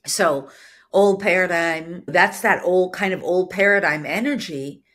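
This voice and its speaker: A spiritual business coach teaches on her solo podcast, earnest and explanatory. Her husky, lowish voice is soft yet firm and unhurried, and she occasionally acts out short quoted lines.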